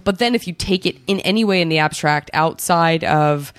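A woman's voice: low voice, normal speed, no echo, clean studio sound. A woman hosting a podcast, chatting in an earnest, reflective and emphatic way. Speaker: podcast host. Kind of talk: casual chat.

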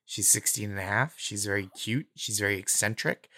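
A man's voice: fairly low pitch, brisk, pushed and bright, dry recording, studio quality. A male comedian giving an earnest, articulate, reassuring mock pep talk. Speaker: comedian guest.

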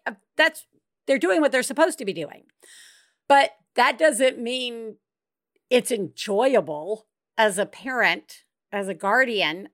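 A woman hosting a parenting podcast, talking in a slow, unhurried way. She is blunt, swears freely and laughs easily. Her voice sits a bit high, and the recording is dry and close. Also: fairly bright tone, dry recording. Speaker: podcast host. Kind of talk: candid podcast chat.

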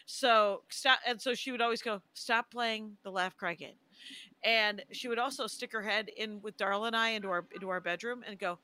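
Middle-aged wisconsin woman cohosting, crisp bright voice, laughs a lot while telling stories, dry close mic. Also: medium pitch, fairly even intonation, fairly quick, hardly any pauses, no room sound. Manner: storytelling, laughs often, restarts sentences. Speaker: podcast co-host. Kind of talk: casual chat.

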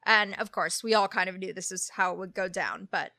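A woman's voice: mid-range voice, steady tone, a little fast, bright, forceful tone, no echo. A woman co-hosting a podcast in casual chat, wry and joking as she scores predictions. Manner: wry, scoring predictions with dry humor. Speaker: podcast co-host.

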